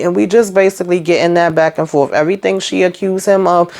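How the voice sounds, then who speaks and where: A woman's voice: fairly low pitch, fairly even intonation, fast talker, a little mellow. A woman hosting a casual TV recap, chatty and sassy, retelling scenes through quoted dialogue. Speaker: reality TV recap host.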